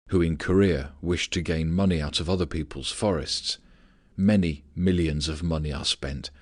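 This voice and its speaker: A man narrating a philosophical audiobook in a measured, steady reading voice. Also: low voice, dry recording, clean studio sound.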